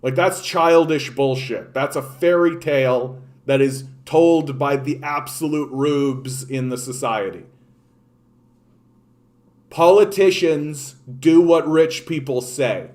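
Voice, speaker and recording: Guy ranting on stream, kinda high voice, swears a lot, repeats himself. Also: slow pace, a little mellow. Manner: impassioned, profane, repetitive. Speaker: political livestreamer. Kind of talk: unscripted political rant.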